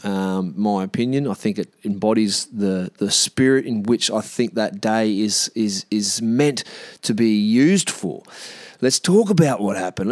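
A man's voice: on the low side, normal speed, a little mellow, no echo, studio quality. An Australian man hosting a solo podcast rant from inside a caravan, blunt and swearing freely, with lots of "mate" and restarts as he thinks aloud. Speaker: podcast host. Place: in a caravan with the doors open.

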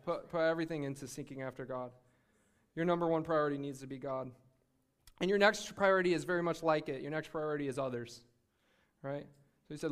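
A young man preaching a sermon in a lively, conversational way, often restarting his sentences. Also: fairly high pitch, a little fast, clear, resonant tone.

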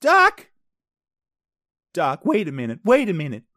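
A man doing an impression of a panicky teenage boy from a time-travel film, yelling in disbelief. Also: high voice, huge pitch swings, a little slow, no echo, clean studio sound, pitched above the performer's own voice, exaggerated voice. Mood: alarmed. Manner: yelling, incredulous.

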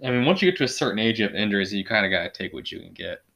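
A man's voice: very fast, vocal fry, muffled recording. Laid-back podcast host, man. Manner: animated, does high-pitched impressions when quoting. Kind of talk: casual chat with friends.

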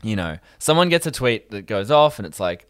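A man's voice: brisk, clear, resonant tone, no room sound, studio quality. A young man chatting on a podcast, telling stories with swearing and mocking voices. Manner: animated storyteller, swearing, bursts into high mocking voices. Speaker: podcast co-host. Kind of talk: casual chat.

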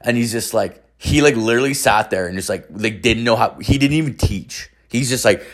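A man's voice: medium pitch, brisk. A young man from Canada, telling a story casually in a rambling, swear-heavy way. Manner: profane, rambling, filler-heavy.

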